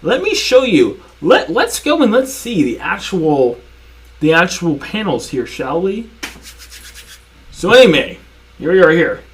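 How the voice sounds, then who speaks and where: This young commentator reacts argumentatively and sarcastically, working through points one by one while repeating himself and starting over. He speaks at a measured pace in a high-pitched, sing-song voice.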